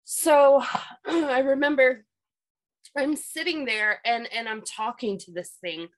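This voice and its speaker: A woman's voice: sits high, slow, low-quality recording. A woman telling a personal story in a casual chat, rambling and repeating herself with many fillers. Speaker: guest telling a paranormal experience.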